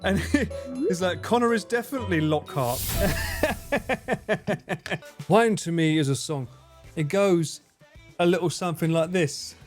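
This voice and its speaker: A man's voice: on the high side, a little slow, over music. A man in his thirties live streaming, joking and swearing in casual banter with his chat.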